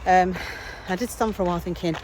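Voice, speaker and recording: A woman's voice: on the low side, steady tone, fast, a little mellow, a little hiss or hum, low-quality recording. A woman chatting casually in a daily vlog, rambling about her day while walking outdoors, sometimes out of breath. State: out of breath at times. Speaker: vlogger.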